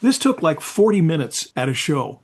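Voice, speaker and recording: Casual podcast host, man, slightly higher voice, conversational storyteller. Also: sing-song, normal speed. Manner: chatty, warm affirmations, storytelling asides. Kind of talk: casual interview chat.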